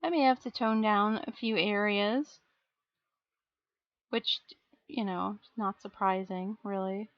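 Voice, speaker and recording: A woman's voice: mid-range voice, steady tone, slow, pauses often, no room sound. Woman streamer, chatty, answers chat aloud, dry close sound, a bit lo-fi. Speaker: live streamer painting miniatures. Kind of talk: casual live-stream chat.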